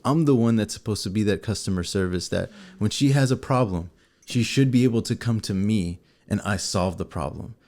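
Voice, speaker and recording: A man with a slightly low voice co-hosts a relaxed talk show. He tells a personal story straight to the viewers and acts out every scene as he goes. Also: a little fast. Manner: animated, acts out scenes and quotes. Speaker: co-host.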